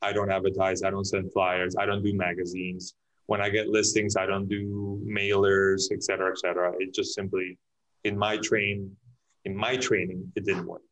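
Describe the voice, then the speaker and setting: Low-voiced man telling deal stories. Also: normal speed, poor audio. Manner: animated storyteller, acts out clients' lines, many restarts. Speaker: luxury real estate agent, guest. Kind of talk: casual podcast interview.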